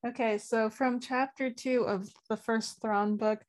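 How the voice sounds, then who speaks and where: A woman's voice: fairly high pitch, steady tone, a little slow. A woman hosting a casual fan podcast, chatty and giggly as she reads quotes aloud. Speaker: podcast host.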